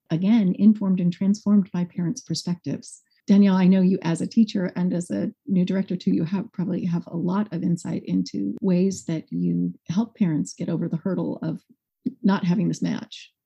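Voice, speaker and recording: A woman's voice: fairly low pitch, fairly quick, vocal fry, slightly rough, dull audio. A woman school director as a podcast guest, talking expressively and acting out quotes in a conversational interview. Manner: expressive, animated, acts out quotes.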